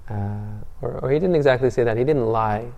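A man gives a Buddhist talk, telling a story in a loose, conversational way. He often restarts and fills with "uh" and "you know". His voice is mellow and warm, in a middle pitch. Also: fairly quick, gravelly, lo-fi sound. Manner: conversational, frequent restarts and fillers. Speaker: Buddhist teacher.

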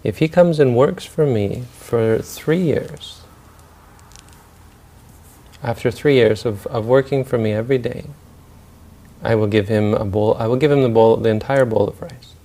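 A man's voice: mid-range voice, unhurried, pauses often, mellow, close to an everyday voice. A man voicing a haughty, stingy rich man in a spoken story, with a lofty, disdainful manner. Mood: condescending.

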